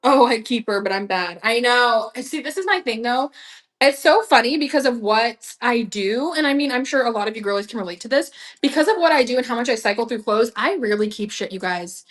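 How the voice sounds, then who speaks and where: A woman's voice: on the high side, animated, fairly quick. A young woman chatting bubbly and slangy as she sells clothes on a live stream, often breaking into giggles. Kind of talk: casual live-sale chat.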